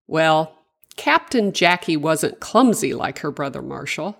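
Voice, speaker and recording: A woman reading a children's story aloud in an expressive, sing-song way. She speaks slowly, with a breathy, lower voice. Her intonation swings widely across each line.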